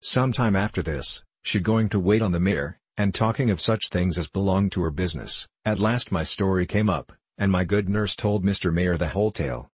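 A man narrating an old novel in a measured, steady way. His voice is very deep with a husky edge. The recording is close and dry. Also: dry recording. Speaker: audiobook reader.

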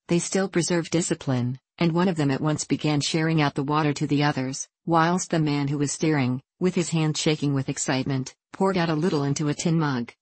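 This audiobook narration comes from a low-voiced woman telling a scripted story at an even, deliberate pace, recorded without any room sound.

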